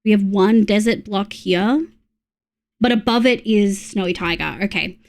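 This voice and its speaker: A woman's voice: medium pitch, a little slow, a little mellow. A young woman with an Australian accent, chatting casually to her viewers while she plays a game, muttering to herself and swearing when something annoys her. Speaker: streamer. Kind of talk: casual live-stream chat while gaming.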